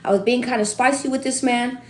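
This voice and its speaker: Young woman in her twenties, chatty and animated, speaking in an echoey room. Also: fairly high pitch, fairly quick. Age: 20s. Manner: animated, talkative, slangy, swings between loud and hushed. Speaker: tarot reader and streamer. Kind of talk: casual storytelling to viewers.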